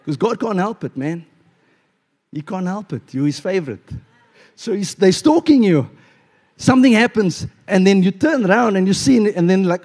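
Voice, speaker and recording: A male pastor preaching a sermon in a church, animated and playful, acting out little voices as he tells a story. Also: high-pitched, normal speed.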